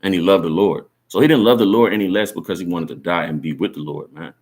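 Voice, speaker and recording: A man with a very low voice, teaching scripture in a loose, everyday way. He sounds earnest and encouraging and keeps checking in with his listeners. His phrases are filled with casual tags as he talks the message through. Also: quick pace, darkish tone. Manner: conversational, repeats "man" and "right?" as tags. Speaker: Bible teacher. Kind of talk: informal sermon teaching.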